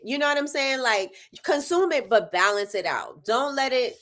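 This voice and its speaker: A middle-aged woman hosting a casual talk stream, talking straight to her audience. Her voice is bright and tense at the edges, and she breaks into laughter often. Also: on the high side, moderate pace, few pauses. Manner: animated, laughs often, talks straight to viewers. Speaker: host. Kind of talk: casual livestream chat.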